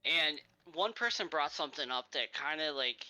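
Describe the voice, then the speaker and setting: A man's voice: fairly high pitch, animated, moderate pace, bright, forceful tone, low-quality recording. A man guesting on a casual chat about video games, easygoing and agreeable, hedging his opinions.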